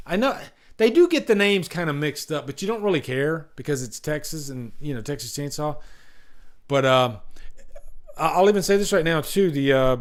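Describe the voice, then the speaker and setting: Guy hosting a live stream, lively voice that jumps all over, kinda high, rambly and restarting a lot. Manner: animated, rambling, enthusiastic with many restarts. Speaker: host.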